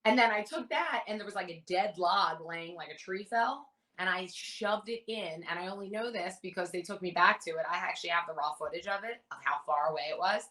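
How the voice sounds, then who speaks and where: A woman in her thirties, a reality show contestant, telling stories in a casual interview with animated, rambling detail. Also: on the low side, a little fast, hardly any pauses, poor audio. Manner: animated, rambling anecdotes with many fillers.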